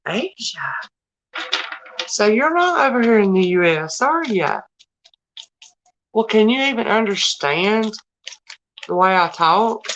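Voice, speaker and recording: A woman's voice: mid-range voice, animated, takes it slowly, pauses often, a bit bright, muffled recording, slight background noise. A middle-aged woman with a Southern US accent, chatting casually with viewers on a live stream in a homey, friendly way. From United States. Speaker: livestream host.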